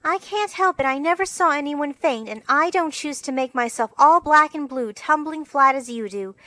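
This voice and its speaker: A woman's voice: high-pitched, expressive, normal speed, pushed and bright, no room sound, pitched above the performer's own voice, low-quality recording. A woman voicing a prim, fussy little girl with a petulant way of talking, in a storybook reading.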